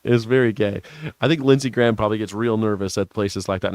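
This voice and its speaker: A man's voice: on the low side, fast talker, darkish tone, smooth, dry recording, studio quality. A man hosting a casual news commentary show, rambling and profane, who laughs at his own jokes. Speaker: host.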